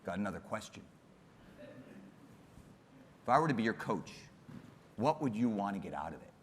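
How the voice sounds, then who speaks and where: A man doing a gruff, blunt older coach. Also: on the low side, sing-song, normal speed, pushed and bright, slight background noise, voice pushed down, exaggerated voice. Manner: curt, commanding.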